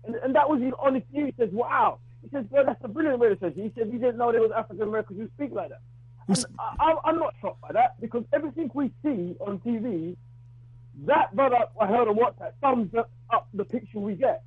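Man calling a radio phone-in, blunt and outspoken, keeps stumbling and restarting words; high, slightly husky voice over a tinny, dry phone line. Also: dry recording. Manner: halting, repeats and restarts words; outspoken, argues his view. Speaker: radio call-in caller. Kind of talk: phone-in talk radio call. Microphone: telephone.

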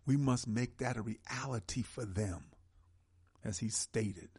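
A man hosting a call-in radio talk show, speaking with an impassioned, preaching cadence and slow, emphatic stresses. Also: mid-range voice, darkish tone, breathy edge.

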